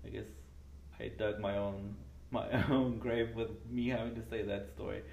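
A podcast host chatting casually, teasing and quick to laugh. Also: medium pitch, flat delivery, creaky, a little mellow, highs cut off. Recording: roomy with faint noise.

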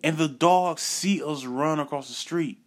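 A young man telling a personal story in a casual, animated way, repeating phrases for effect and acting out what people said. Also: a little high, a little slow, slight background noise.

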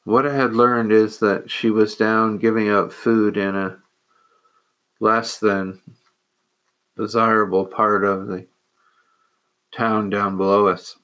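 Low, level-voiced monk telling a story. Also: male voice, flat delivery, a bit bright. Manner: measured, earnest, with hesitant pauses. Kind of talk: personal storytelling.

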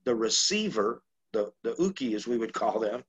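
A man who teaches martial arts, explaining in a measured way in a casual discussion. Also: medium pitch, very animated, husky. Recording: slightly dull, lo-fi sound.

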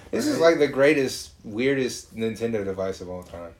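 Casting note: a man, everyday pitch, loose rambling banter, laughs and swears freely. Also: animated, moderate pace. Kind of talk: casual chat.

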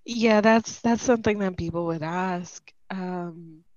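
A woman's voice: lowish voice, slow pace, darkish tone, no echo. A woman chatting casually, telling a story with laughter. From Hispanic family background. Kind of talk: casual chat. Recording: dull dry lo-fi.

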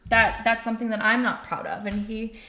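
A woman's voice: a little high, flat delivery, a little fast, pushed and bright. A young woman telling a personal story in casual chat, candid and profane, saying "like" constantly. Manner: candid, profane, heavy use of "like". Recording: roomy echo.

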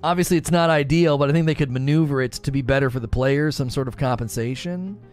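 A man's voice: medium pitch, a little mellow, faint music behind. Rambling man hosting a live stream. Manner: rambling, quick asides, reads chat. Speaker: livestream host. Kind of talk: casual live-stream chat.

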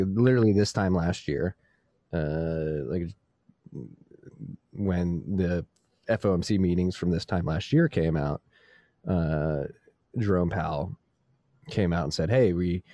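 Deep-voiced man ranting, dry sound. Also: measured pace, pauses often, warm tone, dry recording. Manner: exasperated, profane ranting. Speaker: podcast co-host. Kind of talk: casual chat.

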